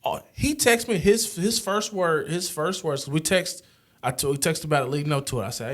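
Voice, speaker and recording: A man's voice: fairly high pitch, normal speed, a bit bright. A man co-hosting a podcast, giving a blunt, casual album review and repeating himself as he tells a story. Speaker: podcast co-host.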